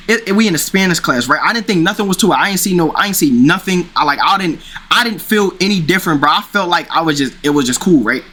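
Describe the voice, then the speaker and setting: A man's voice: fairly high pitch, pushed and bright. A young man casually telling a rambling personal story, full of slang and restarts. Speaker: streamer.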